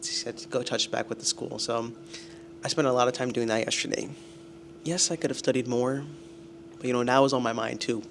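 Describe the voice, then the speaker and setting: Young male vlogger, gravelly voice, exasperated and self-mocking, light noise underneath. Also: medium pitch, steady tone, a little fast. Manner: self-deprecating, exasperated, groaning. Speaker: student vlogger. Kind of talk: casual vlog.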